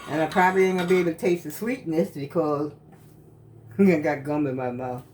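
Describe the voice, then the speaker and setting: A woman's voice: low voice, brisk, darkish tone, a little hiss or hum. An older woman, chatting casually with viewers in her home kitchen, folksy and talkative. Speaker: vlogger.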